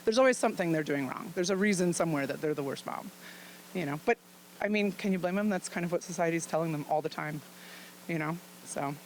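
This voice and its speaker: A woman's voice: on the low side, fast talker, slight background noise, low-quality recording. Frank, chatty woman doctor presenting. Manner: frank and chatty, laughs often. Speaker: physician presenting at a luncheon. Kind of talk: informal presentation to an audience.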